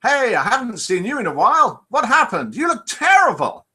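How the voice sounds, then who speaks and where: Figure: a friendly bartender, startled by an old customer's injuries, voiced by a man reading a joke aloud. The voice is squeaky and high, with lively questioning swoops, and it sounds bright. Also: moderate pace, husky, heavily acted. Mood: incredulous.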